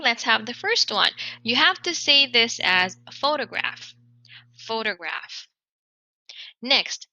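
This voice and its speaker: A woman with a very bright, crisp voice teaching an online English pronunciation lesson. She speaks clearly and encouragingly and slowly repeats the example words. The sound is close and dry, with no room echo. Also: fairly high pitch.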